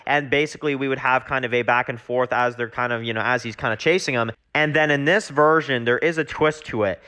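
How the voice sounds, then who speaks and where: A man's voice: mid-range voice, brisk, sharp tone. A man reviewing a TV show, casually retelling a plot and rambling with many fillers.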